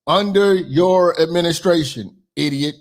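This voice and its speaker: A man hosting a reaction commentary channel, animated and mocking, swearing freely as he talks back to clips. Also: a little high, a little slow.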